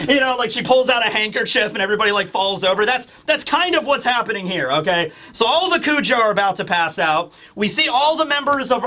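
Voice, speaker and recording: A man giving a casual, animated manga chapter review, laughing often and acting out characters. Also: high voice.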